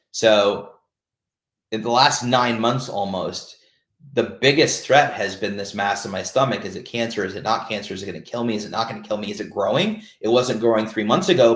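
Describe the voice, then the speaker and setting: A man speaks openly and casually on a video call, often stopping and restarting as he searches for words. His voice sits on the low side. The room adds a noticeable echo. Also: a bit bright. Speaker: host of a peer support call. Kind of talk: candid casual talk. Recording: roomy echo.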